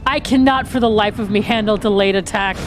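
A woman gaming streamer talking through her play, excitable and swearing, often talking to herself. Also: medium pitch, a little fast, music in the background. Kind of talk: live game commentary.

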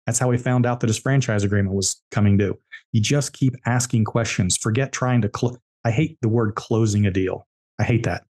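A man with a lowish, slightly mellow voice talks fairly quickly. He's an entrepreneur guest on a podcast interview, telling business stories in a blunt, emphatic way and repeating key words.

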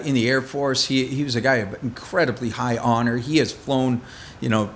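A man's voice: medium pitch, slight background noise. A middle-aged man preaching a conversational sermon as pastor, telling stories with self-deprecating humor.

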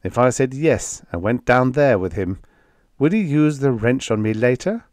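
A man reading a vintage science fiction story aloud as scripted first-person narration, with expressive, unhurried storytelling. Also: medium pitch, no room sound. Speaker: audiobook narrator.

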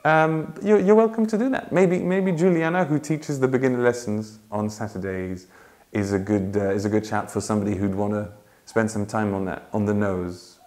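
A man's voice: on the low side, steady tone, moderate pace, a little mellow. A man teaching ukulele in a casual, chatty way, laughing often and breaking into song. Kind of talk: casual tutorial talk with sung demonstrations. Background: ukulele playing.

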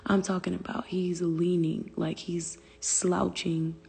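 A woman's voice: fairly low pitch, flat delivery, slow pace, vocal fry, a little mellow, slightly rough, big-room sound. A young woman venting on a phone livestream, profane and exasperated, answering viewer comments aloud. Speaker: livestream host. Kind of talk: casual livestream rant.

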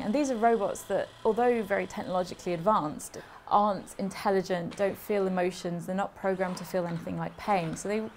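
A woman's voice: mid-range voice, a little mellow, slight background noise. A woman speaking fluently and thoughtfully in a documentary interview as an academic.

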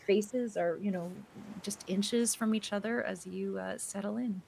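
A woman's voice: medium pitch, creaky, darkish tone, slight background noise. Woman narrating as game master. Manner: descriptive, unhurried, many fillers and restarts.

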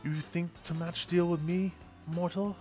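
A man's voice: high voice, steady tone, measured pace, darkish tone, voice pushed up. A man voicing a proud male hunter god who speaks sternly and demands things in a raised voice. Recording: music playing behind.

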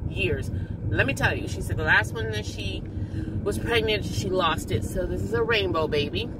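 A woman's voice: medium pitch, normal speed, heavy background noise. A woman talking casually to her viewers as an ultrasound technologist, telling stories about her patients in a chatty way. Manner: chatty storyteller, animated when quoting patients. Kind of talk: casual vlog chat.

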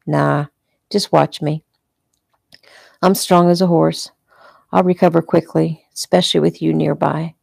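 A tender young husband lying injured in a hospital bed, read by a woman. He speaks softly and slowly in a low, gravelly, mellow voice. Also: level tone, no room sound, studio quality, exaggerated voice.

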